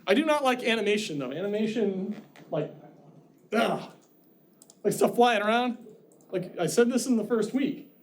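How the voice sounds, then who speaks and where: Chatty high-voiced male instructor. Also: expressive, normal speed, pauses often. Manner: chatty, joking asides. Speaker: college instructor. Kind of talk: classroom lecture. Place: classroom.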